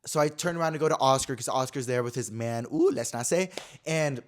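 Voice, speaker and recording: In a casual storytelling chat, a podcast host in his twenties recounts something from his own life, his voice medium in pitch and fairly quick. He leans on fillers and shifts back and forth between dramatic moments and quieter ones.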